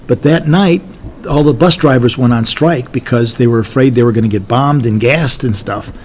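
A man's voice: mid-range voice, normal speed, a little hiss or hum. An older army veteran gives an oral history recollection of his service, talking in a folksy, rambling way with many restarts.

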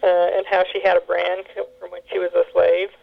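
A woman telling family memories in an oral history interview, halting with many fillers and restarts. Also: fairly low pitch, completely flat delivery, vocal fry. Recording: tinny phone line.

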